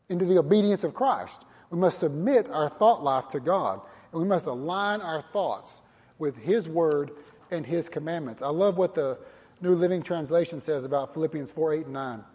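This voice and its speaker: Male pastor with a husky, slightly high voice, preaching earnestly in a church hall with long reverb. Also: a little mellow. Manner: earnest, repetitive preaching with direct challenges to listeners. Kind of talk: sermon.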